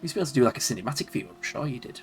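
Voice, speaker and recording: A man's voice: medium pitch, animated, rapid-fire, slight background noise. A man from Leeds with a Yorkshire accent, rambling and chuckling to himself as he plays and streams old games. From Leeds, England. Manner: rambling, chuckling, talks to himself while playing. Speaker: game streamer. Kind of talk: casual live-stream commentary.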